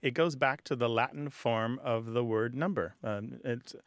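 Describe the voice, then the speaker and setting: A man's voice: mid-range voice, a little slow, dry recording, clean studio sound. Man radio host explaining word history. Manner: explains word history plainly, playful jokes. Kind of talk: radio call-in chat.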